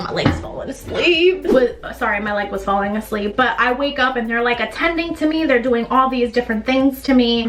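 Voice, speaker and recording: A woman's voice: fairly high pitch, a bit bright. A young woman telling a story in a chatty, slangy way while doing her makeup, as a beauty vlogger. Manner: chatty, lots of fillers and slang. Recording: echoey room, mic a bit distant.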